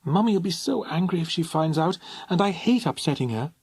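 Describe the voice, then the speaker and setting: A man's voice: on the high side, expressive, normal speed, darkish tone, husky, dry recording, pitched above the performer's own voice. A man reading aloud, voicing an anxious, dutiful teenage girl with a hesitant, pleading manner.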